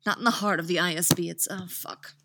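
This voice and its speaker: A woman reading fan fiction aloud on a couch in a friend's house, expressive, laughing and swearing at her own slips. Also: lowish voice, fast talker, noisy background. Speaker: podfic reader.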